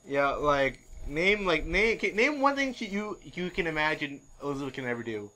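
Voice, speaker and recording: A man hosts a podcast in loose, rambling chat, full of filler words and restarts. His voice is fairly high and bright, and it swings widely in pitch as he talks. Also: very animated, moderate pace, low-quality recording. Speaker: podcast host. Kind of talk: casual chat.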